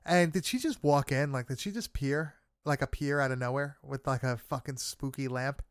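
A man's voice: medium pitch, normal speed, clean tone, no echo, studio quality. A man in casual chat, recapping a film with friends, swearing freely and laughing often. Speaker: podcast co-host recapping a film.

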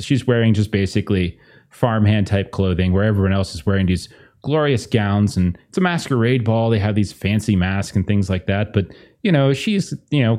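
A man running a tabletop game as game master, relaxed and casual, often repeating words. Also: on the low side.

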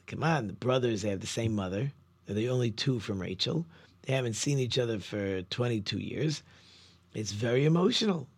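A man, a rabbi, giving a Torah lesson in a lively teaching manner, asking rhetorical questions and often restarting his phrases. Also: medium pitch, creaky, breathy edge.

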